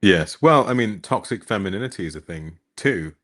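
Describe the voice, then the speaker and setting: Man, deep low voice, easygoing podcast co-host. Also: expressive, normal speed, a bit bright. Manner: easygoing, agreeable, explanatory. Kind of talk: casual conversation.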